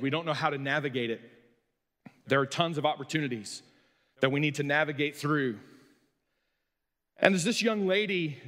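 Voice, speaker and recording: A man's voice: a little high, fairly bright tone. A middle-aged man, a pastor and coach, preaching a sermon in a folksy, storytelling, self-deprecating way. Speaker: pastor and high school coach. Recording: long hall reverb.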